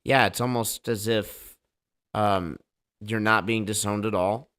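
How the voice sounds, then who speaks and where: Man, deep voice, livestream host, joking banter, casual hype talk. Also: fairly even intonation, unhurried, a bit bright. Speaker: livestream debate show host.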